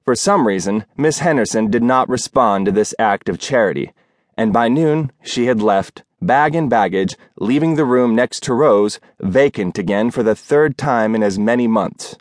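A male audiobook narrator reading a novel in a measured, wry storytelling manner. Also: mid-range voice, expressive, no room sound, studio quality. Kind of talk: scripted narration.

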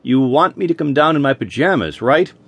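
A man's voice: mid-range voice, lively intonation, brisk, breathy edge, no echo. A man doing a groggy, wry hungover agent. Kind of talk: audiobook character voice.

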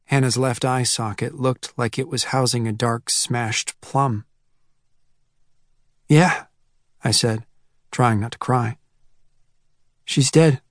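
A man narrates a first-person novel in a measured, reflective way, with a mid-range voice. He reads into a close mic in a dry booth with no room sound. Quoted lines come out a little raised. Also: medium pitch, dry recording. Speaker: audiobook narrator. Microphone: close studio mic.

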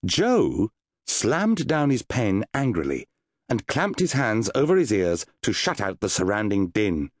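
A man narrating a children's fantasy audiobook in a lively, playful manner. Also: lowish voice, a little slow, no room sound.

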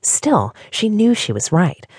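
Breathy, expressive woman reading an audiobook. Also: fairly low pitch, slow pace, no echo, clean studio sound. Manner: expressive storytelling. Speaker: audiobook narrator. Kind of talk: audiobook narration.

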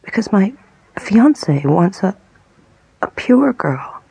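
A woman voicing a frightened young woman in a whispered role-play, pleading desperately in a breathy voice. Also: low-pitched, unhurried, no echo, heavily acted, low-quality recording. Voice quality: breathy and husky.

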